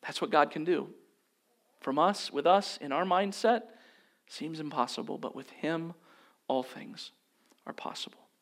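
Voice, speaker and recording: A pastor delivering a sermon at a church service, earnest and steady, building his points through repeated phrases. His voice sits on the higher side for a man. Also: a little slow, long pauses. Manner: earnest, repetitive preaching cadence. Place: church service, also streamed online.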